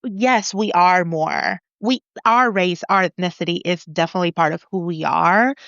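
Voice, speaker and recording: Confident, animated woman on a dull line. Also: fairly low pitch, normal speed, gravelly, no room sound. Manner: animated, confident, laughs often. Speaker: author guest. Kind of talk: casual interview chat. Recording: dull lo-fi dry sound.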